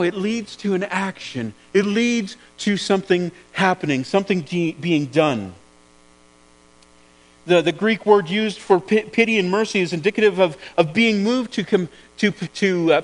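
A man's voice: high voice, a little slow, fairly bright tone, rough recording. A man preaching a sermon in an earnest way, often repeating words as he searches for the phrasing.

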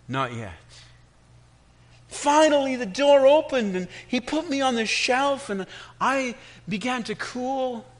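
A man voicing a talking clay teacup that cries out and pleads through its shaping, told as a story within a sermon. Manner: high, strained, pleading cries.

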